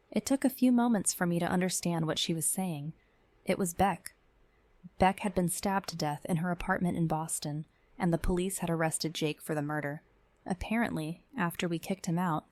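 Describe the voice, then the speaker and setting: A woman giving measured, tense first-person narration of a scripted horror story. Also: lowish voice, dry recording.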